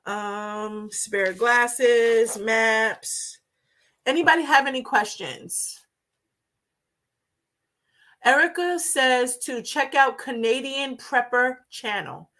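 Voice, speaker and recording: An older woman with a New York accent, hosting a live-stream talk in a fast, chatty and enthusiastic way. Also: a little high, a bit bright. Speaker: host.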